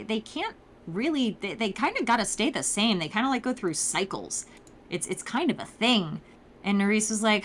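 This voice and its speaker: A woman's voice: fairly high pitch, a bit bright. A woman casually recapping a tabletop campaign in a rambling, informal way.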